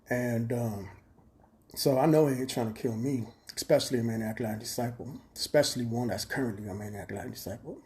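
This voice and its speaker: A man talks straight into his phone on a livestream. His voice is mellow and dark-toned. He rambles bluntly and swears freely in a streetwise way. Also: mid-range voice. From Chicago. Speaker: livestream host. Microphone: phone camera.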